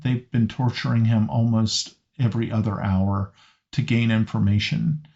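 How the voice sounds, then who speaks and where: A man voicing a frightened young female elf prisoner in a tabletop game, speaking low and urgently. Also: flat delivery, normal speed, vocal fry, a little mellow. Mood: worried. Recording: slightly muffled lo-fi audio.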